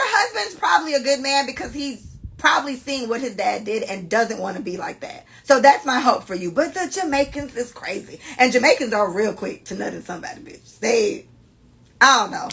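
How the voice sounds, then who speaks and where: A young woman in her twenties hosting a podcast, telling stories in a blunt, profane, animated way. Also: fairly high pitch, fairly quick, creaky, low-quality recording. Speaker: podcast host. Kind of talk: casual storytelling podcast.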